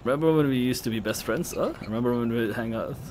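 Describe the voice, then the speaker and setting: A man's voice: medium pitch, darkish tone, a little hiss or hum, lightly acted. A man voicing a drunk, clingy young female cat, slurring and dragging out his words. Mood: drunk, pleading. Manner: slurred, drawn-out, whiny.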